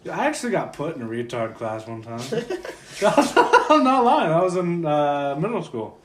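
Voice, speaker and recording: A man's voice: on the high side, sing-song, normal speed, darkish tone. A young man chatting casually on a podcast, hesitant, with many fillers. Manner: laid-back, hesitant, fillers and swearing. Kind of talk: casual chat. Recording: roomy echo, faint noise.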